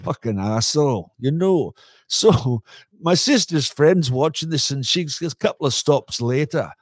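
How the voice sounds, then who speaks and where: A man's voice: fairly high pitch, expressive, unhurried, dry recording, studio quality. A man, a podcast host, telling a long, rambling story in a casual pub chat, full of fillers and swearing.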